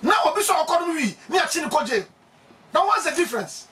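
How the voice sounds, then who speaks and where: A man with a Ghanaian accent preaching emphatically, laughing often and breaking into shouts. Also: very high-pitched, very animated, quick pace, distant mic, slight background noise. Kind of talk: animated preaching.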